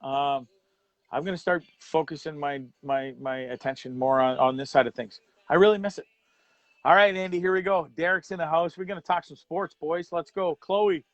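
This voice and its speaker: A man's voice: on the high side, no room sound, muffled recording. A man hosting a live show, talking candidly and rambling while greeting viewers by name. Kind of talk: livestream chat.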